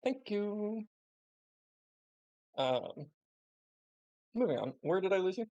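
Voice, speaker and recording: A man narrating as game master of a tabletop game over a voice call, relaxed and hesitant, with many fillers. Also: sits high, takes it slowly, muffled recording.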